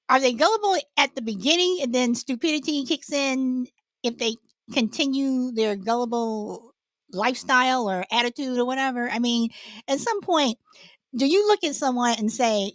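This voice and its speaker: Woman host, casual chat, laughs a lot, higher lively voice, dry sound. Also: dry recording. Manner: laughs often, chatty and repetitive.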